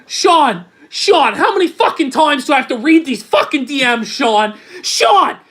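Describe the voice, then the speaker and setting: A man doing a high, strained impression of a frantic, exasperated man who keeps yelling at someone named Sean and swearing. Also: very animated, measured pace, heavily acted. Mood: exasperated shouting. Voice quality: high, shrill shouting, strained. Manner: yells and swears, repeats "Sean" in outrage.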